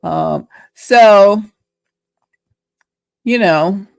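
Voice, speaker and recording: A woman's voice: mid-range voice, very slow, creaky, clean tone, no echo. A middle-aged woman with a Southern US accent, hosting a casual reflective monologue, chatty and playful as she muses aloud. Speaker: host.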